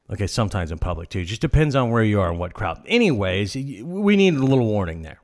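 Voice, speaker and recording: A man's voice: on the low side, very animated, fast talker, few pauses, darkish tone. A man delivering a sarcastic, exasperated comedic rant. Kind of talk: ranting comedic monologue.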